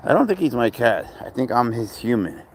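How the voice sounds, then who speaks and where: This man's mid-range voice swings widely in pitch, runs a little fast, and sounds a little mellow, with slight background noise. He's a cat owner vlogger in a park near traffic, casually rambling about his cat and worn out from little sleep.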